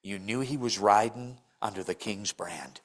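An older man preaching a sermon in church, telling stories and acting out the people he quotes with big jumps in his voice. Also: normal speed. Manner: animated storytelling, acts out quotes with big pitch jumps.

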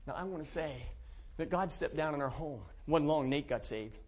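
Speaking at a moderate pace in a rather high voice, a middle-aged man from central Pennsylvania shares how he was converted with a church congregation. His testimony is folksy and chuckling, marked by warm laughter and plenty of restarts.

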